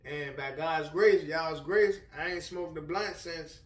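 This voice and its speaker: Casting note: man from Richmond, high voice, preacher sharing testimony in loose slang, roomy distant recording. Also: slow pace. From Richmond, Virginia. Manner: slangy, conversational, many "you know what I'm saying". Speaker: author and speaker, minister. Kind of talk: casual motivational testimony. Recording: roomy, somewhat distant mic.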